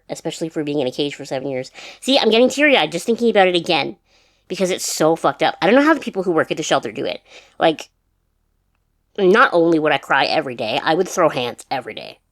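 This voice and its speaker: A woman's voice: deep voice, no room sound, clean studio sound. A young woman chatting casually in a rambling vlog, full of restarts and fillers. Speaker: vlogger. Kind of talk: casual chat. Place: her mom's house.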